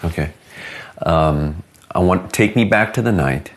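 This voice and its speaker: A man conducting a mock interview in a calm, probing, deadpan way. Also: sits low, a little slow, a little hiss or hum.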